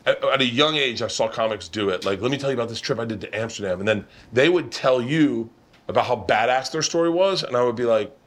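A man's voice: mid-range voice, fast talker. Middle-aged male host, comic storyteller, swears freely and acts out the other voices in his tales. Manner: animated, profane, acts out others' lines. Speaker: podcast host. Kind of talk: comic storytelling in casual chat. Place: home kitchen.

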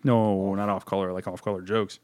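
A man's voice: sits low, flat delivery, a little fast, a little mellow. A man from Virginia co-hosting a casual beer tasting chat, joking and rambling, swearing casually. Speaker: beer review podcast co-host.

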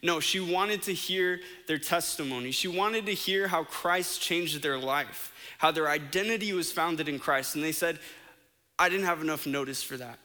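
A man's voice: fairly high pitch, bright, forceful tone, big-room sound. A man preaching an earnest, conversational sermon, with frequent restarts and fillers.

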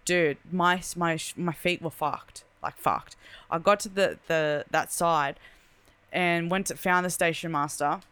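A young woman telling a story in casual chat, animated and full of "like", acting out the voices in it. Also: on the low side, unhurried, clean tone. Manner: animated, chatty, lots of "like", acts out quoted voices.

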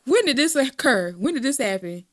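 A woman's voice: sits high, sing-song, brisk, fairly bright tone. A woman co-hosting a casual gossip podcast, slangy and dramatic, laughing often. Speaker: podcast co-host.

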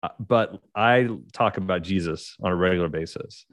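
Rambling middle-aged Oklahoma man, low and dry. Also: normal speed, dry recording. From United States. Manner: rambling, many fillers and restarts. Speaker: podcast guest, leadership author. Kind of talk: casual interview storytelling.

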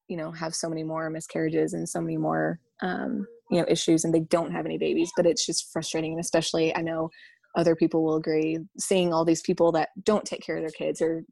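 Young woman, gravelly low voice, dry sound, halting candid storyteller. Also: little pitch movement, darkish tone, no echo. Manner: halting, full of ums and you-knows. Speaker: vlogger sharing a personal story.

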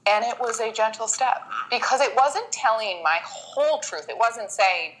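A woman's voice: on the high side, moderate pace, hardly any pauses, poor audio. A woman guest in a casual interview, telling her story with feeling and acting out what people say. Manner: emotional, animated storytelling with acted-out quotes.

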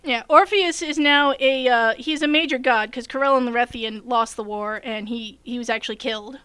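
A woman's voice: on the high side, normal speed, a bit bright, clear, resonant tone, no room sound. A woman who runs tabletop games, telling a long story in casual chat, full of fillers and restarts. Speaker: game master telling a story.

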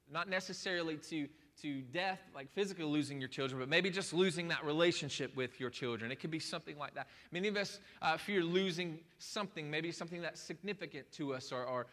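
A high, bright male voice belongs to a pastor giving a loose, conversational sermon to his congregation. He jokes, stumbles and restarts, then presses into emphatic calls. The sound carries a long church-hall reverb. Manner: chatty and joking, with many restarts, building to emphatic calls.

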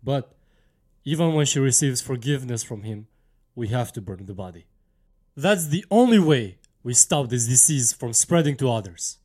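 A man's voice: mid-range voice, animated, normal speed, darkish tone, lightly acted. A man playing a church council father who speaks solemnly and with authority in an audio drama. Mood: grave. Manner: solemn, commanding.

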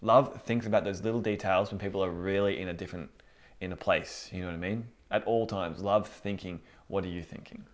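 A man's voice: deep voice, fairly even intonation, brisk. A young man giving an informal, earnest sermon, chatty and full of fillers like "you know what I mean". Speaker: preacher.

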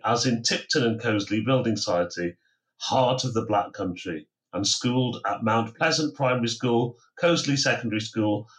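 A man hosting a podcast, reading a formal introduction in a measured way with touches of humor. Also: medium pitch, fairly bright tone. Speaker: podcast host.

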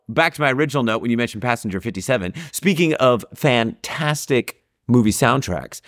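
Relaxed male podcast co-host, dry sound. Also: medium pitch, no echo. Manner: relaxed, lots of fillers. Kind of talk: casual chat.

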